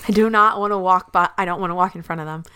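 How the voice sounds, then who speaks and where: A woman's voice: lowish voice, fairly even intonation, rapid-fire, sharp tone, smooth. Chatty woman playing a tabletop game. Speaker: player. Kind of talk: casual tabletop game play.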